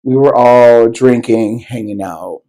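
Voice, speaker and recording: A man co-hosting a podcast, drawling through a personal story at an unhurried pace, his pitch sitting in a middle range. He rambles, circles back, swears freely and leans on plenty of fillers. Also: mellow, rough recording. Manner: loose and rambling, heavy swearing, many fillers. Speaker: podcast co-host. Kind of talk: casual storytelling chat.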